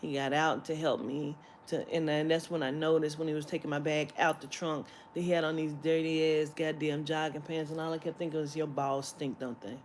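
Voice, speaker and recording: A woman's voice: sits low, level tone, brisk, hardly any pauses, a little hiss or hum. A woman vlogger telling a story in a heated, profane rant that breaks into laughter.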